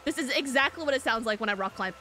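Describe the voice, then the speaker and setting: A woman's voice: on the high side, expressive, quick pace, sharp tone, soft background music. A young woman streaming a game, reacting jumpily, swearing, shrieking and reading chat aloud. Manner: jumpy, swears a lot, frequent shrieks.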